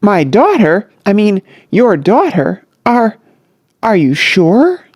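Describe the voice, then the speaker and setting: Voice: mid-range voice, sing-song, slow, darkish tone, dry recording, clean studio sound, voice pushed up, heavily acted. A narrator voicing a modest, earnest young man who speaks hesitantly. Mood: flustered.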